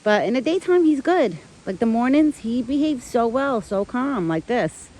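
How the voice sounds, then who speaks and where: A woman's voice: fairly high pitch, lively intonation, moderate pace, a little mellow, low-quality recording. Chatty woman vlogging outdoors. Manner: chatty, with many "like" fillers. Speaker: vlogger who cares for a pet deer. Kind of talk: casual chat to camera. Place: outdoors in a yard near a street.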